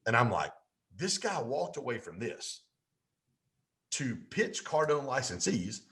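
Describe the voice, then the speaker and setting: A man telling a lively story as a podcast guest, with folksy asides. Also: mid-range voice, measured pace.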